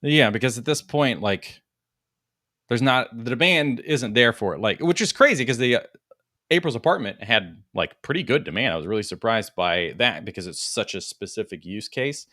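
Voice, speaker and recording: Relaxed rambling male host, dry sound. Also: mid-range voice, moderate pace, no echo. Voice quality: relaxed, rambling, many fillers. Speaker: host and toy product seller. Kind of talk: casual podcast chat.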